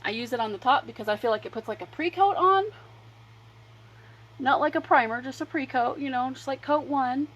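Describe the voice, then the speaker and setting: A woman hosting a casual makeup livestream, rambling chattily between applying mascara and pitching her products. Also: fairly even intonation, quick pace, hardly any pauses, muffled recording. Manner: chatty and rambling, drifting between demo and sales talk. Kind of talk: casual makeup tutorial chat.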